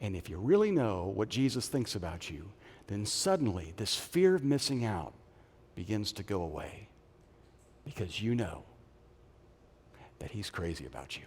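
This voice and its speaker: A middle-aged man preaching a sermon as a pastor, animated, moving between loud punchy lines and soft low phrases. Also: moderate pace, pauses often, slightly rough. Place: church auditorium. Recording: long reverb of a large hall.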